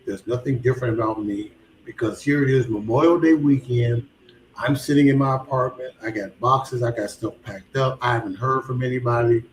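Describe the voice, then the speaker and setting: A man's voice: mid-range voice, steady tone, moderate pace. A man telling his life story as a guest, animatedly acting out both sides of conversations. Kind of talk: casual spoken storytelling. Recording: roomy echo with faint background hum.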